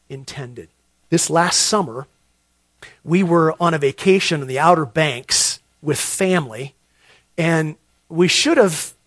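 A middle-aged man preaching a sermon, telling a story and repeating words as he builds to loud emphasis. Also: a little high, no room sound. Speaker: pastor.

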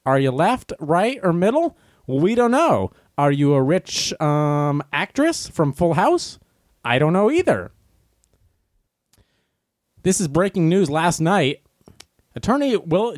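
A man's voice: high-pitched, darkish tone, dry recording, studio quality. A man on a livestream chatting casually to his viewers, rambling through a story, correcting himself and acting out the people in it. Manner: acts out quoted voices.

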